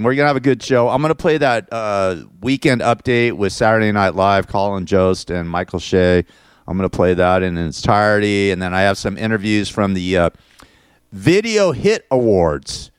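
A middle-aged man hosting his show, rambling through a crude, animated story full of swearing. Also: on the low side, moderate pace, smooth, no echo. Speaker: show host. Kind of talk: rambling casual monologue.

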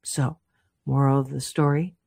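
Brief: deep-voiced female speaker, heartfelt and halting, dry close mic. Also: level tone, vocal fry, mellow, breathy edge, no echo. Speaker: motivational speaker. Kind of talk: personal motivational talk with a story.

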